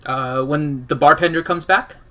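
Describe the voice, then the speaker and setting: Bright-voiced joking game player. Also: male voice, a little high, moderate pace. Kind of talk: tabletop game play.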